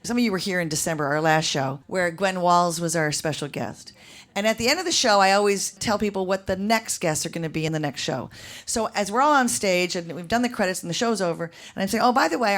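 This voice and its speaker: A woman hosting a live stage interview, chatty and animated with quick asides. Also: lowish voice. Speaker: host. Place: live venue with audience. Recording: live show with crowd and noise.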